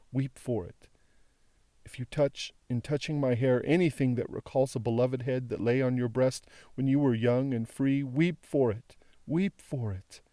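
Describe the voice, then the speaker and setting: A man's voice: mid-range voice, dark tone, no room sound, studio quality, lightly acted. A man voicing a tender, pleading young woman. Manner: tender and imploring.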